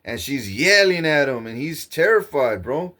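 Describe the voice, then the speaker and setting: A vlogger with a fairly high, sing-song, bright, forceful voice delivers an agitated, profane rambling monologue to camera at a moderate pace. He keeps circling back over the same points and repeatedly says "bro."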